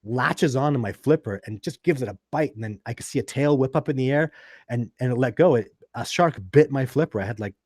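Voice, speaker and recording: Speaking fairly quickly at a medium pitch, this man hosts a live video chat on Sasquatch research, answering viewers and rambling through stories with frequent restarts and fillers. The recording is dry, with clean studio sound.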